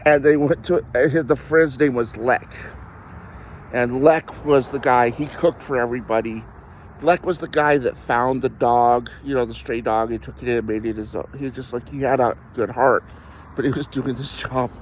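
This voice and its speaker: A man's voice: mid-range voice, fairly even intonation, normal speed, slight background noise. Rambling man telling candid personal stories. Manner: rambling, self-deprecating, frequent laughs and restarts. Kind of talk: candid personal storytelling in conversation.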